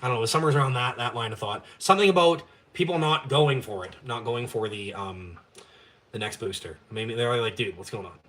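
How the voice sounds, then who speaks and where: A man's voice: mid-range voice, brisk, a bit bright. A young man from Canada hosting a live stream, ranting in a blunt, profane, fired-up way. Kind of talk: ranting casual chat.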